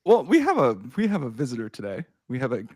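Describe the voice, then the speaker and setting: Animated man telling a sports story. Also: fast, no room sound, clean studio sound. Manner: animated storytelling, swearing, laughing, shouting at highs. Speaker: podcast host. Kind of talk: casual chat.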